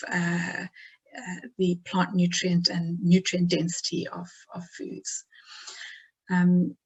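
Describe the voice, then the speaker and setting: A woman's voice: medium pitch, poor audio. A woman with a South African accent, a nutritional therapist giving a health talk over slides, hesitant, with many fillers and restarts.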